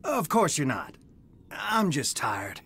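A man's voice: a little high, very animated, slow pace, bright, forceful tone, a little hiss or hum, full character voice. An actor playing a tired young man, a missing girl's fiancé, in a game. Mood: weary. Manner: weary, wry.

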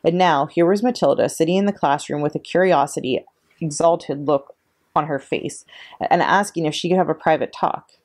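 A woman reading a children's chapter book aloud with expressive, dramatic delivery. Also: low-pitched, moderate pace. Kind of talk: children's story read-aloud.

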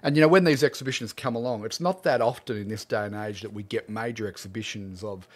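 A man's voice: fairly low pitch, fast. A middle-aged Australian man hosting a casual livestream chat as an art teacher, greeting viewers by name in a friendly, easygoing way.

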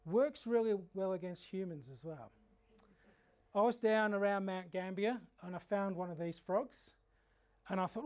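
An Australian man teaching a frog identification workshop in a fairly high voice. He tells humorous, animated stories between his explanations of frog habits. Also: a little slow. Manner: animated anecdotal storytelling. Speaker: frog educator. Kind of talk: workshop lecture.

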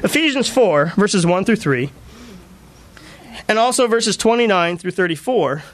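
A male pastor preaching a sermon, telling personal stories in an animated way and laughing often. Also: high voice, unhurried. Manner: animated storytelling with frequent laughter.

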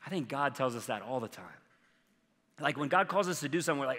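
Bright-voiced pastor preaching in an echoing hall. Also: male voice, medium pitch, animated, quick pace. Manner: conversational, earnest, fillers like "like" and "I mean". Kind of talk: sermon. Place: church sanctuary. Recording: long reverb from a large church hall.

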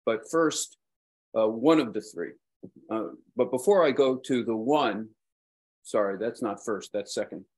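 A man's voice: medium pitch, a little slow, darkish tone. A man with a Brooklyn accent giving a dharma talk as a Buddhist teacher, rambling and self-deprecating, with frequent hesitations.

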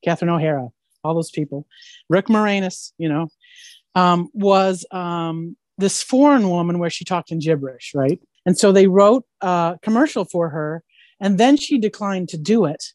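A woman voice actress who tells animated stories in a casual interview and keeps asking "right?". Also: fairly low pitch, moderate pace, no echo. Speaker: voice actress guest.

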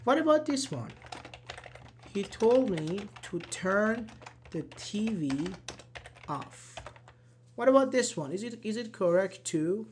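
An online English teacher giving a live grammar lesson, slowly repeating example sentences and answering chat. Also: mid-range voice, sing-song, a little mellow, slight background noise. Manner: slow, repeats examples, apologizes and laughs at own slips.

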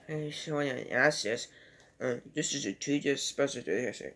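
A man's voice: mid-range voice, normal speed, fairly bright tone. A man giving a casual home video movie review and retelling scenes in a rambling, loosely strung way.

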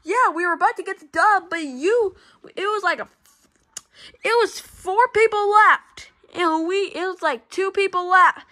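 A woman's voice: unhurried, pushed and bright, heavily acted. A woman voicing an angry squadmate kid who shrilly blames a friend after losing a game. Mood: accusing. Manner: high, shrill, accusing.

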